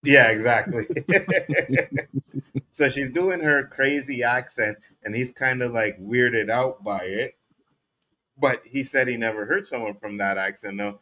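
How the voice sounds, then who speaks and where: A man co-hosting a casual show recap, animated and laughing often as he acts out lines from scenes. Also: mid-range voice, measured pace. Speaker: podcast co-host.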